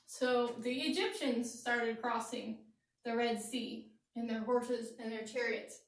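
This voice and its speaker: A woman with a high voice tells a Bible story to children and asks them questions as she goes. She sounds a little away from the mic, and the room is echoey. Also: measured pace, recorded from a distance. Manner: animated, asks the kids questions. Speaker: children's Bible lesson teacher. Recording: roomy echo, voice from off-mic.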